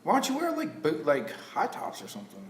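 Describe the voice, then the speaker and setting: A man's voice: on the high side, wildly swooping pitch, a little fast, echoey room, slight background noise. A man co-hosting a podcast in casual chat, teasing his friends and swearing freely. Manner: teasing, jokey, profane. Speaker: podcast co-host.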